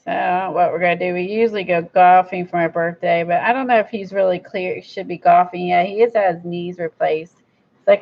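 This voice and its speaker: A woman's voice: on the low side, fairly even intonation, normal speed, creaky. A woman chatting casually while she crafts, blunt and rambling, with an admittedly impatient streak. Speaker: crafter vlogger. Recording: dull lo-fi recording.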